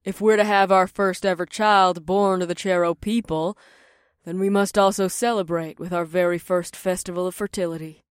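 A woman's voice: on the low side, fairly even intonation, moderate pace, smooth, dry recording, clean studio sound, natural voice. A woman voicing a dutiful, cautious rhino-woman servant in an audiobook, earnest and respectful toward her queen. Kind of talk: audiobook character voice.

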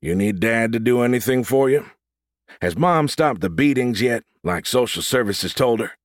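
A man voicing a gruff, stubborn male agent who argues in a clipped way. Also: medium pitch, expressive, normal speed, dry recording, clean studio sound, lightly acted. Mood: arguing.

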